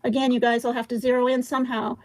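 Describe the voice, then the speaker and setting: Reading texts aloud on her casual livestream, the host stumbles along with ums and asides in a flat delivery. She has a somewhat high voice, and the close-miked recording is dry with no room sound.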